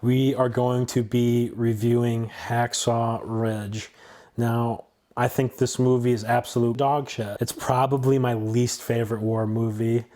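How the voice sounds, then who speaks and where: A man in his twenties, the host of a channel, giving a blunt, opinionated and somewhat halting casual film review. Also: mid-range voice, flat delivery, mellow.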